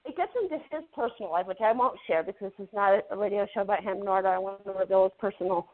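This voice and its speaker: A woman's voice: mid-range voice, fast talker. Chatty woman guest on a tinny phone line. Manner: chatty, repeats words while building a story. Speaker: guest actress. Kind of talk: casual interview storytelling. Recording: phone-like narrow band.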